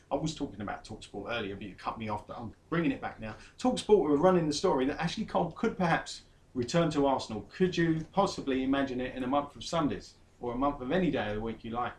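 A man's voice: on the high side, expressive, fast. A man co-hosting a casual football chat, chatty and teasing, often laughing. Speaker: vlog co-host.

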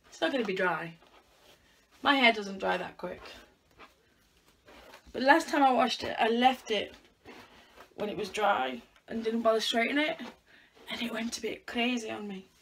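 Chatty woman, bright voice. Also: on the high side, normal speed, long pauses, a little hiss or hum. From United Kingdom. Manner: chatty, self-mocking, thinking aloud. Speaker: vlogger. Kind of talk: casual chatty vlog while styling hair. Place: at home by her bed.

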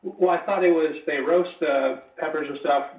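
A man's voice: on the high side, steady tone, moderate pace, echoey room, highs cut off. A man making dry, offhand remarks from the side of a casual home cooking livestream. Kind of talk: casual chat.

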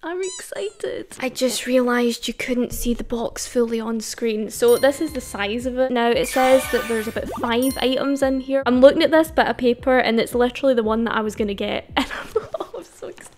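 A young Scottish woman chatting in a casual unboxing vlog, excitable, gushing and rambling as she talks. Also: on the high side, brisk, few pauses, faint music behind. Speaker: YouTuber.

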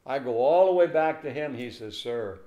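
The recording is muffled and set in an echoey room, where an older pastor tells a story in an interview. He animatedly performs the voices of its characters in a mid-range voice at normal speed.

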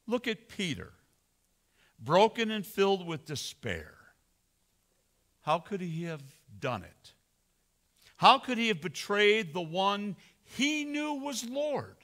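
Male senior pastor, dramatic sermon delivery, unhurried, bright and forceful. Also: sits high, very animated. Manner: slow dramatic preaching, swelling and dropping to near whisper.

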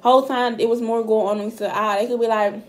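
A woman's voice: on the high side, little pitch movement, fairly quick. Blunt, foul-mouthed woman tarot reader. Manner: blunt and profane, addressing viewers directly. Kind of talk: casual direct-to-camera tarot reading. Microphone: camera mic.

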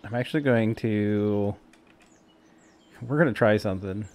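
A man's voice: on the low side, a little slow, a little mellow, a little hiss or hum. Chatty man narrating his golf game. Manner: chatty, self-mocking, talks to himself while playing. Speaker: gaming YouTuber playing a golf game. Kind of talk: casual let's-play commentary.

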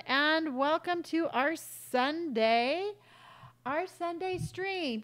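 A woman's voice: high-pitched, extremely slow, fairly bright tone. A woman streamer chatting casually with her viewers while starting a game, greeting each one by name and yelping when startled. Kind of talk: casual live-stream chat while gaming.

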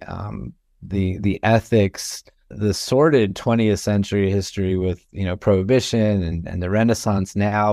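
Man from Florida, low smooth voice, professor guest, measured and thoughtful, dry close mic. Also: a little mellow, no room sound. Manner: thoughtful, measured, many fillers. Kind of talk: casual interview talk.

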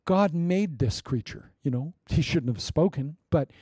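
A middle-aged man preaching a sermon as pastor, joking, with loud declarations and quiet asides. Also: a little high, unhurried, husky. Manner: lively, joking, swings between loud proclamations and quiet asides.

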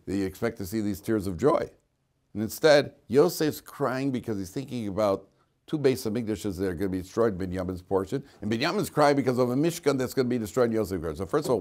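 A man's voice: on the low side, darkish tone. A man teaching a class as a rabbi, talking informally, questioning students and cracking jokes, with frequent restarts.

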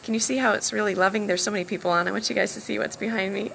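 Woman coach, bright and gravelly, animated live-stream talker, a little sore-throated, outside by the sea with faint background hum. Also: medium pitch, very fast, few pauses, rough recording. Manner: animated, acts out quoted dialogue. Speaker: self-love coach and hypnotherapist. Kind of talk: casual live-stream talk. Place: outdoors by the ocean.

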